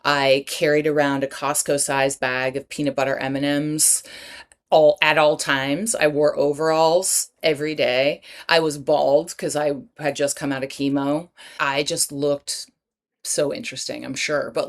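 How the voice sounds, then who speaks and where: A woman in her forties, a writer and breathwork teacher, telling her story candidly on a podcast and acting out her own past dialogue with animated energy. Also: deep voice. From Los Angeles area, United States.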